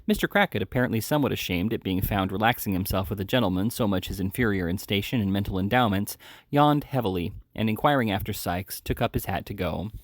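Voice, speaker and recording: Male amateur reader, lowish voice, close and dry; classic-novel narration. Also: fast, no echo. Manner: steady reading with occasional self-corrections. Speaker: audiobook reader. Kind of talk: reading a classic novel aloud.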